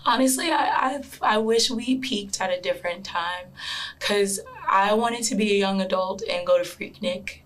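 A woman's voice: medium pitch, moderate pace, a bit bright, low-quality recording. A woman in her thirties, co-hosting a podcast and telling a true crime story in a chatty way, with asides. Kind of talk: casual chat.

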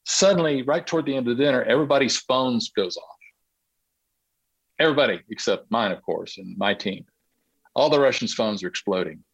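A man, a podcast guest, telling a long anecdote in a lively way and laughing through his own tale. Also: mid-range voice, a little fast, creaky, husky, no room sound, low-quality recording. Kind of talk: anecdotal storytelling.

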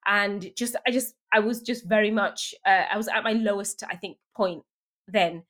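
A woman being interviewed, telling lively anecdotes with laughter and quoted voices. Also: mid-range voice, normal speed. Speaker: guest. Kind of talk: casual storytelling interview.

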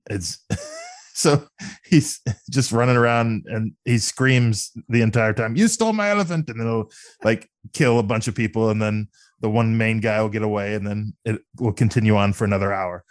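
A man's voice: fairly low pitch, no echo. A man co-hosting a music podcast, telling a story in casual chat, often laughing. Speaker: podcast co-host.

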